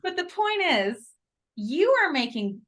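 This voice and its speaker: A woman co-hosting a chatty podcast, her voice swooping up and down as she talks and laughs with a friend. She slips between bubbly jokes and softer reflective asides. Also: sits high, sing-song, measured pace. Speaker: podcast co-host. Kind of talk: casual chat.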